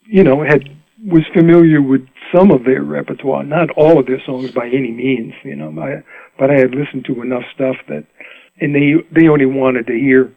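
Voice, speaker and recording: An older man tells stories in a relaxed interview, chatty, often laughing and restarting his sentences. His voice has a gravelly edge. It comes through a tinny, dry line that sounds like a phone. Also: mid-range voice, moderate pace, dry recording. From Rhode Island. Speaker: mandolin player, interview guest. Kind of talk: casual storytelling interview.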